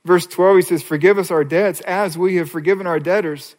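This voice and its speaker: A male pastor delivering a sermon, moving between hushed pleading and raised, emphatic preaching. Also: high voice, fairly even intonation, a little fast. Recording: long hall reverb.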